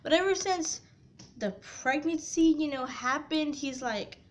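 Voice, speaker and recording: A woman's voice: high voice, measured pace. A young woman vlogger telling a painful personal story to camera, heartfelt and tearful, filling her talk with "you know". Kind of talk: emotional storytime confession.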